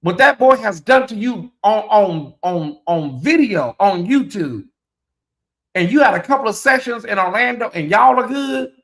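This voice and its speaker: A man's voice: high-pitched, expressive, moderate pace, a bit bright. A man giving casual livestream commentary, dramatic and teasing, talking straight to his chat.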